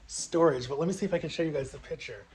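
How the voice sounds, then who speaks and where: High-voiced young man telling a story. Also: fast talker, darkish tone. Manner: chatty, rambling retelling full of "like" and "right?". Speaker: vlogger. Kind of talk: casual storytelling to camera.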